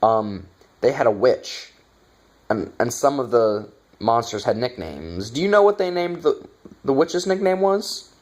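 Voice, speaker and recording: Slow, exasperated man ranting. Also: medium pitch, very animated, a little mellow. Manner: exasperated, swearing, sarcastic. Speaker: movie reviewer. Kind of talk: casual ranting review.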